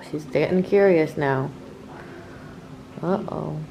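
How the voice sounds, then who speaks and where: Young woman, lowish voice, casual home vlogger, chatty, faint room hum. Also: a little slow. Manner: chatty, switches to high baby talk with the kitten. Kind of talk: casual vlog chat. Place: home bedroom, indoors.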